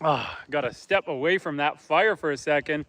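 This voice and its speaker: A man's voice: fairly high pitch, moderate pace, fairly bright tone, dry recording. A man from Canada, a homesteader, chatting casually on a livestream outdoors by a campfire, reading viewer comments aloud and answering them.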